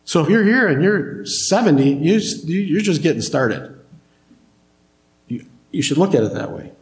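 A pastor preaching a conversational sermon to a congregation and asking them questions. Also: male voice, on the high side, animated, measured pace, reverberant.

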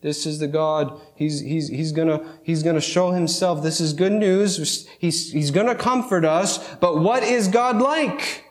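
A man preaching a sermon, reading scripture slowly and with emphasis, then explaining it with wry asides. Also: on the high side, roomy sound. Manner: reads scripture slowly and emphatically, with mock self-important asides.

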